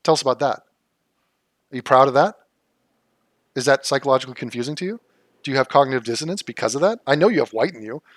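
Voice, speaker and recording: A man's voice: medium pitch, lively intonation, fast talker, long pauses, no echo. A man hosting a reaction commentary, ranting in a sarcastic, mocking and exasperated way. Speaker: political commentary host. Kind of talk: reaction commentary on a debate clip.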